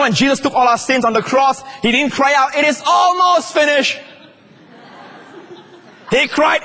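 Husky male pastor in a reverberant church. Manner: emphatic, shouts at climaxes, swings pitch widely. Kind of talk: sermon. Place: large church hall. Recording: long church-hall reverb.

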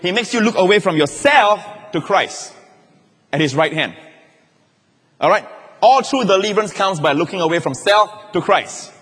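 A man preaching a sermon to a church crowd, animated, often checking in with "all right?" and rising to shouts on key lines. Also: sits high, normal speed, breathy edge. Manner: repeats words and restarts, asks the crowd "all right?". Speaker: pastor. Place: large church hall. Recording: live hall echo.

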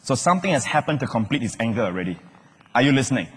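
A man preaching a sermon in a large hall, animated, questioning the congregation and shouting out key words. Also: medium pitch, very fast, husky. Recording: long hall reverb.

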